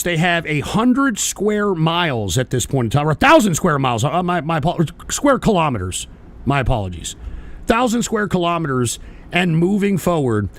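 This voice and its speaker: A man hosting a livestream, ranting in a profane, exasperated way with stammering restarts. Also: fairly high pitch. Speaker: livestream show host. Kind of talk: angry livestream rant.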